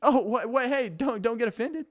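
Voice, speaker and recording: A man's voice: very high-pitched, normal speed, pitched above the performer's own voice. Brief: a man playing a passive-aggressive roommate, raised and sweet, overly friendly while hinting at chores. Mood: placating.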